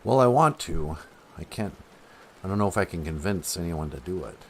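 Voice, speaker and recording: A rambling, deadpan male caller, played by a man in a comedy phone-in bit. His voice is low, with a lively, bouncing pitch. A faint background hiss sits under the talk. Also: moderate pace. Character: male caller posing as a movie star.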